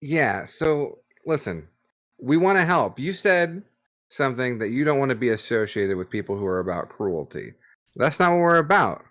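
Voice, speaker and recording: Casting: male player, earnest, stumbling, very animated pitch. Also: normal speed. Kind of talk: in-character tabletop play.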